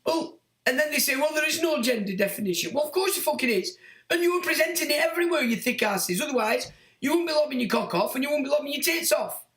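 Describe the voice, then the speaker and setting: A man's voice: extremely high pitch, lively intonation, quick pace, fairly bright tone. A middle-aged man hosting a livestream, reading out chat comments and ranting in a blunt, crude, mocking way with plenty of swearing. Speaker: livestream host. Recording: echoey room.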